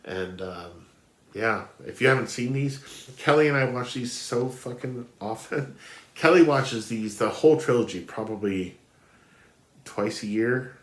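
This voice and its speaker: Man, film blogger, nasal with a cold, chatty and meandering, lowish voice, roomy echo. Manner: chatty, rambling with many fillers and restarts. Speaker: film blogger ranking films. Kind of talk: casual spoken film review.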